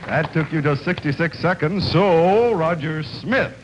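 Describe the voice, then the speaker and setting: A man hosting a TV game show in a brisk, joking way. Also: on the high side, dull audio. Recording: hissy old TV broadcast recording.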